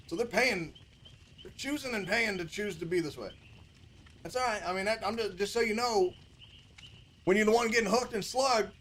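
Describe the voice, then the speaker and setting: A man livestreaming a game, chatting casually with excitable, profane, rambling banter and yelling at teammates. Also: high-pitched, a little hiss or hum. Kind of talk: live gameplay commentary.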